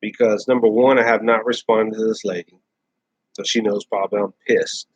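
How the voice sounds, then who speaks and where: A man's voice: fairly low pitch, little pitch movement, normal speed, husky, no echo. A man ranting bluntly in casual chat, repeating himself and restarting phrases as he talks. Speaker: host. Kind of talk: casual rant to camera. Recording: dull lo-fi dry sound.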